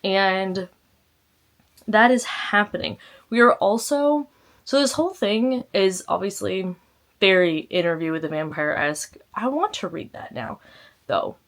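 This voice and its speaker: A woman's voice: medium pitch, unhurried, fairly bright tone. Woman book vlogger, chatty and reflective, mid-range voice. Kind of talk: casual reading check-in.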